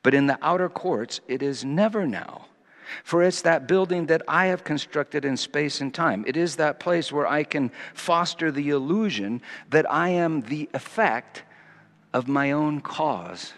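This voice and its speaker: Man, preacher, sermon, fairly high voice, quiet musing then loud emphatic reading, long hall echo. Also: measured pace.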